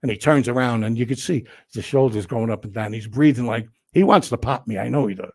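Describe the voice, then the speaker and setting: A man's voice: medium pitch, quick pace, creaky. Older New man telling stories. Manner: animated, profane storyteller who acts out quotes. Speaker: guest. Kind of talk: casual storytelling interview.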